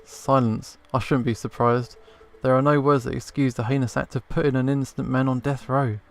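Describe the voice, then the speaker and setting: A scornful, haughty noblewoman from a video game, as a man reads her out. Her tone is cutting and contemptuous, at an average pitch. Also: flat delivery, a little fast, lightly acted.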